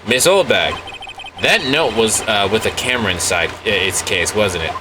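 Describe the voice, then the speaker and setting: A man reading the lines of an earnest young male defense lawyer, pressing a witness in a lively, accusing way. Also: fairly low pitch, normal speed, background noise.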